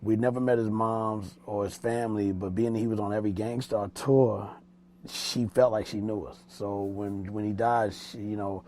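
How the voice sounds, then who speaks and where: Speaking at normal speed in a darkish, level voice on the low side, a music producer and mix engineer tells stories over slight background noise. The casual interview takes place in a small studio room, and his delivery is loose and rambling, full of street slang and restarts.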